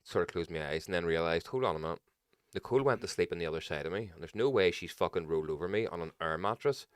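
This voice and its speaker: A young man, a podcast co-host, telling a sweary, animated story in casual chat. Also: sits low, fast, clean tone, no room sound, studio quality.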